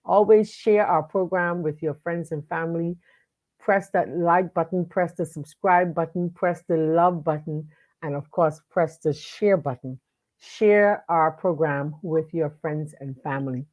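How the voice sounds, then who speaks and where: A woman's voice: sits low, unhurried, darkish tone. Chatty woman hosting a live talk show. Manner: chatty, greets viewers by name, many fillers and restarts. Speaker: host of a live online show. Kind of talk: casual live-stream talk. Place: home studio at a computer.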